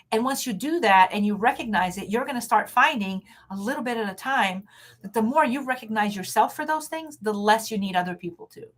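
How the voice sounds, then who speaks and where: A woman's voice: fairly high pitch, a bit bright. A woman hosting a motivational talk over a video call, speaking frankly and emphatically with self-assurance. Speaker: host.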